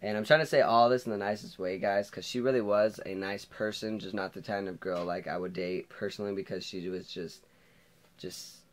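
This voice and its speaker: A teenage boy with a fairly low voice rambles through a high school story, constantly circling back and correcting himself. He talks in a loose storytime vlog manner, heavy with filler words. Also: steady tone, brisk. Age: teens. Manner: rambling, many fillers and restarts. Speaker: vlogger. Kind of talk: storytime monologue.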